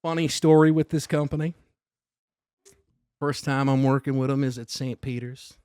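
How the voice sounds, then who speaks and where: A man's voice: medium pitch, fairly even intonation, moderate pace, a little mellow, clear, resonant tone, no echo, clean studio sound. A middle-aged man with a New York accent, a comedian guest telling a story in casual podcast chat, acting out both sides of the dialogue. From Staten Island, New York.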